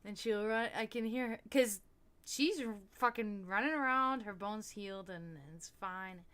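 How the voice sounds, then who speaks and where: A woman's voice: medium pitch, normal speed, a bit bright, smooth. A woman hosting a livestream, chatting casually and rambling, swearing often and laughing a lot. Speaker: stream host.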